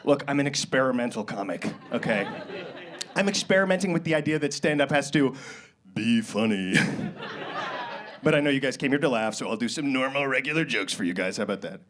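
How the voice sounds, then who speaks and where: A young man doing a live stand-up set on a club stage with a handheld mic, awkward and self-deprecating with absurd deadpan jokes. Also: mid-range voice, fairly quick. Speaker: stand-up comedian. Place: comedy club stage, indoors. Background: loud walk-on music at times.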